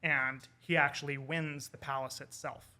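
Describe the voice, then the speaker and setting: Bright-voiced man retelling a folk tale. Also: fairly high pitch, moderate pace. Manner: animated retelling with quoted character lines. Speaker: podcast guest, English professor. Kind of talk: casual storytelling over wine.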